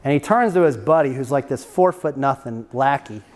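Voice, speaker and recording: A man's voice: mid-range voice, expressive, fairly quick. Chatty man telling stories in a hall. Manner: casual, chatty, laughs at his own stories. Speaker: guest speaker. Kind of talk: storytelling talk to a campus audience.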